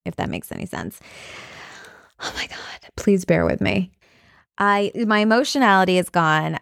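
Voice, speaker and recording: A woman's voice: fairly low pitch, no room sound, studio quality. A young woman talking candidly in a personal vlog, rambling with fillers and restarts. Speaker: vlogger.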